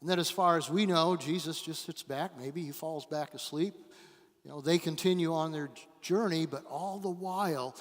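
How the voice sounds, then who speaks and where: A man preaching a sermon as a guest pastor, telling a story dramatically with long pauses and big swings between quiet and loud. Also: a little high. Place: church sanctuary. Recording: church hall with long reverb.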